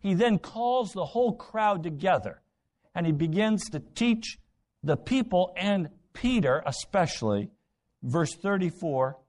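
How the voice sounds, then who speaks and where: A man's voice: high-pitched, animated, measured pace, darkish tone. A man preaching a sermon, retelling Bible stories with dramatic voices and rhetorical questions. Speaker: pastor.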